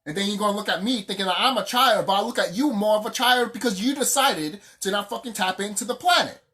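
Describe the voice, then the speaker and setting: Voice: medium pitch, quick pace, sharp tone. A vlogger ranting off the cuff, heated and profane, repeating phrases for emphasis. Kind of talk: casual unscripted rant.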